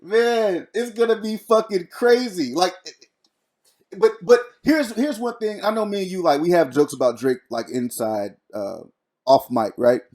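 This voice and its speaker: A man co-hosting a podcast in a relaxed, slangy way, often restarting his sentences. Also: high-pitched, a little slow. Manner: laid-back, slangy, hesitant restarts. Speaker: podcast co-host. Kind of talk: casual chat.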